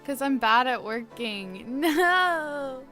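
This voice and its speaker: Giggly woman streamer, raised pitch. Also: expressive, very slow, faint music behind. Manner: playful and giggly, greets chat warmly. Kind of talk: casual live-stream chat while gaming.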